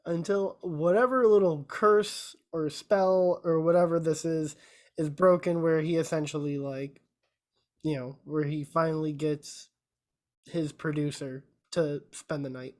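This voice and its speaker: A woman's voice: low-pitched, slow, a little mellow. A woman co-hosting a podcast, casually retelling a movie plot with lots of filler words. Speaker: podcast co-host. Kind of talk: casual chat.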